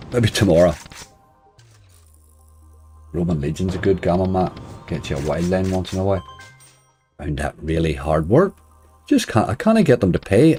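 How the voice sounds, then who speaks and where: A man chatting casually on a live stream, greeting viewers and joking wryly while he plays. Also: low-pitched. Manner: wry, laughs softly at his own remarks.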